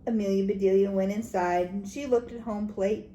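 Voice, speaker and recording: A woman teacher reading a children's book aloud, animated and expressive, with soft whispered asides to the listeners. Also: mid-range voice, moderate pace. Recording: echoey room, faint background noise.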